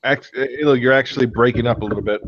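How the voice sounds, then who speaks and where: A man's voice: mid-range voice, steady tone, fast talker. A man on a group call, dry and matter-of-fact with teasing remarks. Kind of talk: casual group call chat. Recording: dull lo-fi call audio.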